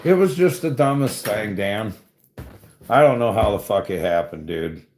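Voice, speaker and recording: Brief: casual, profane man, low voice, unhurried rambling delivery, roomy echo on the recording. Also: lively intonation, a little mellow. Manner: profane, rambling storytelling with frequent "bro" and "dude". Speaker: tree climber talking to a live chat. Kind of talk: casual chat. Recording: echoey room.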